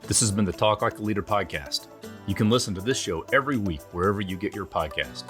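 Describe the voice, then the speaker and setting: A man hosting an instructional podcast, explaining in a measured way with small restarts. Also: lowish voice, a bit bright, faint music behind. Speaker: podcast host and communication trainer.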